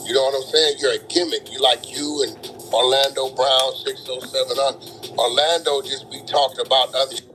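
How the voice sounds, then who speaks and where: A man's voice: medium pitch, fairly even intonation, fairly quick, noisy background. A man in a casual talk, speaking in a blunt, dismissive, lecturing way.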